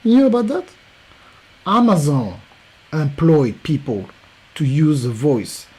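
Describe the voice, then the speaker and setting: Guy w a french accent hyping his class, mellow raspy voice, keeps repeating stuff. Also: on the high side, takes it slowly, rough recording. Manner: animated, repetitive, emphatic. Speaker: podcast coach. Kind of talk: energetic promotional pitch.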